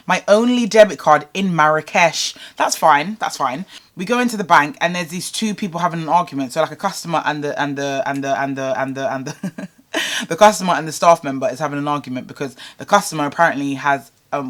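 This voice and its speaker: Chatty young woman. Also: fairly low pitch. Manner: animated, exasperated, chatty with many fillers. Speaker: vlogger. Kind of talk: storytime rant.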